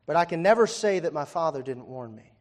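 Male pastor, young, slightly high voice; relaxed, chatty preaching style with crowd questions. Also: fairly quick. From Virginia. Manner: conversational, asks the congregation questions, wry asides. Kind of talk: sermon. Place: church hall before a congregation.

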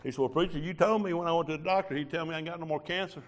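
A preacher, telling a sermon testimony in a folksy storytelling way with quoted dialogue. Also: male voice, a little high, very fast.

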